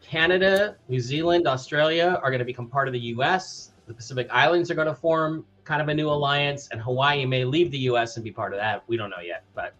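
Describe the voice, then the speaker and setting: A man's voice: mid-range voice, brisk, few pauses, a bit bright, highs cut off, faint music behind. Man holding forth in casual chat. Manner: confident, lecturing asides. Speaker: podcast co-host.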